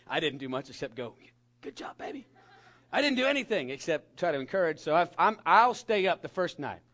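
A middle-aged man preaching a sermon to young people, animated and emphatic, dropping at times to a soft whisper. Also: a little high, fairly quick. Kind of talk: sermon to a youth congregation.

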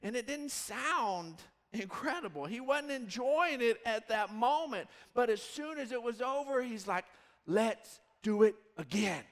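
A pastor in his thirties tells a story from the pulpit in a high, bright voice. He rambles and gets animated as he goes. His voice carries a long reverb from the church hall. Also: unhurried, hardly any pauses. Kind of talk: storytelling sermon.

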